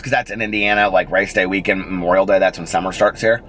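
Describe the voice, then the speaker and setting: A middle-aged man tells a story in a casual vlog. His voice sits low, and he jumps up in pitch to act out other people. A faint hum runs underneath. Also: fast, few pauses, poor audio. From United States. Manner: chatty, animated, acts out quoted people in raised voices. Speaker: vlogger.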